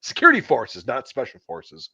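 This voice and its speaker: A man's voice: mid-range voice, wildly swooping pitch, moderate pace, vocal fry, pushed and bright, slightly rough, no echo. A middle-aged man swaps blunt, profanity-laced army stories in a casual chat. The recording is dry and a bit dull and lo-fi. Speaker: podcast host.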